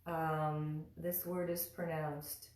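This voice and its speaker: Slow, calm woman teaching chant in a roomy space. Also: low voice. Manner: calm, patient, demonstrates sounds and chants. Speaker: mantra teacher. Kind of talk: slow guided pronunciation lesson. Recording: roomy echo, from a distance.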